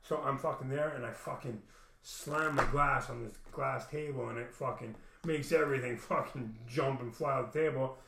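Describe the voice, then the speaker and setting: Talking to his camera at home, a male vlogger delivers an emotional personal monologue full of heavy swearing and frequent restarts. He has a medium-pitched, slightly bright voice at a moderate pace, with reverb and a little hiss or hum on the recording.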